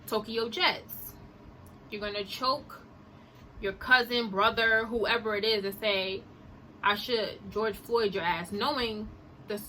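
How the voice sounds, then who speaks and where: A woman's voice: mid-range voice, sharp tone, a little hiss or hum, rough recording. A young woman vlogger giving an impassioned, indignant opinion monologue to her camera. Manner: emphatic, indignant, rhetorical.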